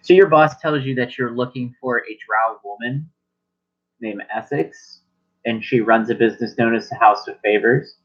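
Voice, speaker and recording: Man, game master, casual rambling narration, husky voice, dull lo-fi sound. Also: mid-range voice, normal speed. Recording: dull lo-fi recording.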